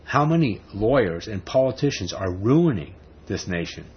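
A man's voice: lowish voice, big pitch swings, normal speed, breathy edge. A man preaching a sermon in a conversational way, building to emphatic rhetorical questions. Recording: dull lo-fi recording with faint background noise.

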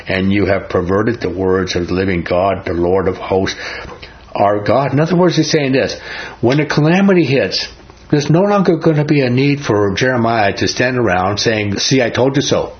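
A man's voice: on the low side, dull audio. A man teaching a Bible chapter verse by verse in a folksy way, often asking "right?" and laughing.

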